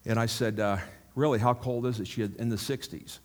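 A man's voice: mid-range voice, fairly even intonation, a little fast, a little hiss or hum. A male pastor giving a sermon in a church, chatty and self-mocking, with frequent asides to the congregation.

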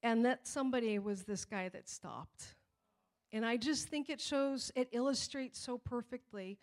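Middle-aged female pastor, animated storytelling sermon, slightly high pitch. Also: measured pace. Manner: animated storytelling, acting out voices.

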